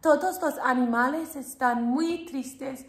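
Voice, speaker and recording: With a high voice and a slightly slow pace, a woman who teaches Spanish to young children tells a bilingual storybook in an exaggerated, sing-song way. She invites the kids to repeat words, and the recording sounds roomy.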